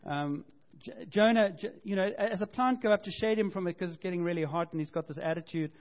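A man preaching a sermon as pastor, animated and storytelling, acting out quotes and correcting himself as he goes. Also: high-pitched, a little fast. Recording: dull lo-fi sound.

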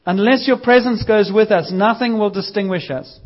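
A man with a high voice preaches to a congregation in a bold, conversational way and slips into lively quoted voices. The sound is dull and a little lo-fi. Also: moderate pace. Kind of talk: sermon. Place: church service.

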